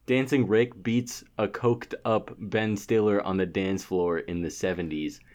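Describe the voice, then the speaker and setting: A man's voice: lowish voice, steady tone, a little slow, darkish tone. A man co-hosting a comedy podcast, keeping time and joking in a playful, giggly way. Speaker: co-host and timekeeper. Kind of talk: casual comedy podcast banter.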